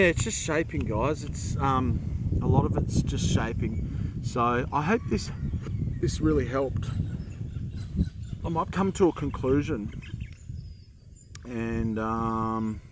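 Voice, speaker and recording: Australian man, young adult, casual carving lesson, rambling, joking, mid pitch. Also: background noise. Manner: rambling, chatty, self-deprecating humor. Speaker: woodcarving teacher. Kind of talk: casual instructional talk while carving.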